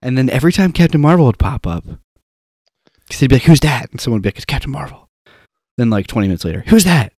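A young man chatting casually with friends, telling an animated story and acting out the quotes. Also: mid-range voice, fast talker, no echo, clean studio sound. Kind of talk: casual chat.

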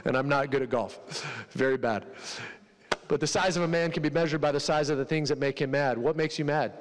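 A male pastor gives a casual, joking sermon and slips into voices for the people he quotes. His voice sits a little high for a man. A long reverb trails behind him, as in a large hall. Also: fairly quick, noisy background.

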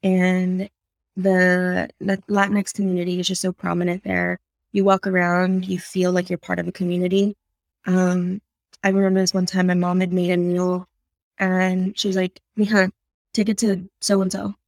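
A woman's voice: lowish voice, moderate pace, creaky, dry recording, studio quality. A woman in her thirties from San Antonio, Texas, talking as a guest in a casual interview and acting out people's voices when she tells stories. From South Side of San Antonio, Texas. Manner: animated storyteller who acts out voices in quotes. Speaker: podcast guest.

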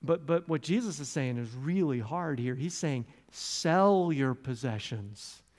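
A man from the United States giving a conversational sermon as pastor, with restarts and asides, loud and animated in stories, soft and low in prayer. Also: moderate pace.

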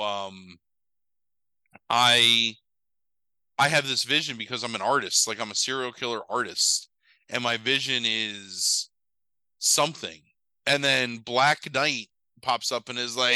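A man's voice: mid-range voice, unhurried, clean tone, no room sound, poor audio. A man in casual chat, rambling and swearing as he retells a film plot. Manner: rambling, profane, animated retelling with quoted voices. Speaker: podcast co-host recapping a movie.

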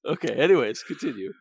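A man co-hosting a casual podcast, playful and quick to laugh and joke. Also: on the high side, creaky, breathy edge, no echo. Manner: playful, laughs a lot, jokes. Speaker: podcast co-host.

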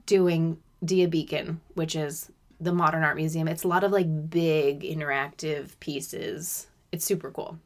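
A woman co-hosting a podcast in casual chat, giggly and quick to react. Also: low voice, steady tone. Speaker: podcast co-host.

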